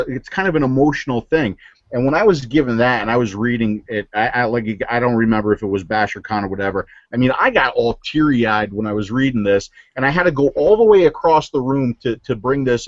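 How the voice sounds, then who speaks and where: Over a video call, a guest vaping reviewer from New Jersey chats casually and tells earnest stories, stumbling through fillers and restarts. The sound is lo-fi with no room sound, and his voice is medium in pitch.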